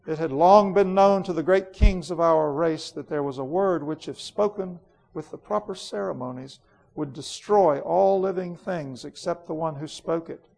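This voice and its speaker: A man's voice: fairly high pitch, normal speed, creaky, darkish tone. A man voicing a cold, ruthless queen in a dramatic storybook reading, in an imperious, declamatory manner. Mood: proud, declamatory. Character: proud, cold, ruthless ancient woman queen.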